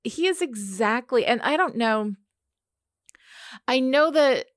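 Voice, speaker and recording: A woman's voice: high-pitched, expressive, takes it slowly, dry recording, clean studio sound. A woman co-hosting a podcast in casual chat, emphatic and thoughtful, with many fillers. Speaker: podcast co-host.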